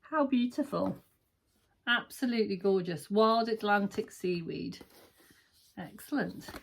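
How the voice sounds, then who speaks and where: A woman's voice: medium pitch, measured pace, vocal fry. A woman chatting casually through an unboxing at home, gushing about each item with frequent ums. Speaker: sewing vlogger. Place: home sewing room.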